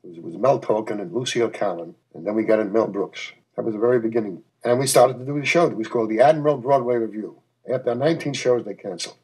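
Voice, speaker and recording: An older man reminiscing in an interview, telling animated stories and acting out scenes. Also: fairly low pitch, quick pace, few pauses, husky, rough recording. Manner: animated storyteller, acts out scenes.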